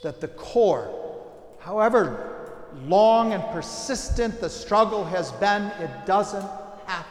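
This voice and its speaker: A man preaching a sermon, telling stories with a lively delivery that swings from loud bursts to hushed, quiet lines. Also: sits high, takes it slowly. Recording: echoey hall, long reverb.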